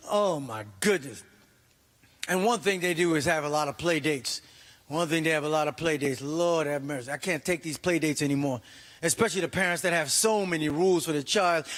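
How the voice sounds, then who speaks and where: Middle-aged male stand-up comic, high pitched and animated, performing in a reverberant hall. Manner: animated, exclaiming, acting out voices. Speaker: stand-up comedian. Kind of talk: stand-up comedy set. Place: church comedy stage.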